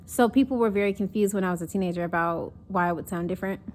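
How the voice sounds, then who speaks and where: A woman's voice: mid-range voice, quick pace, a little mellow. A young woman from North Carolina chatting casually in a vlog, reflective and rambling, with many fillers. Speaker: vlogger.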